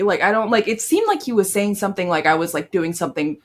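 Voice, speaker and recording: Quick-paced and expressive, this young woman's mid-range voice drives a casual podcast conversation she co-hosts. She swears without restraint and laughs a lot.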